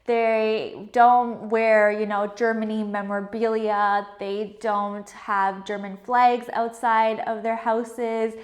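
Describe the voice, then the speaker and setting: A woman's voice: a little high, little pitch movement, slow pace, hardly any pauses. Chatty woman vlogger. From Canada. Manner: chatty, filler-heavy with frequent laughs. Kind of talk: casual chat to camera.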